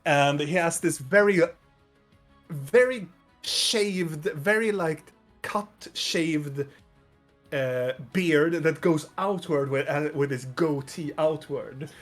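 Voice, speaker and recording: A man narrating a tabletop game as game master, halting with many fillers and restarts. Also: on the high side, fairly bright tone, faint music behind.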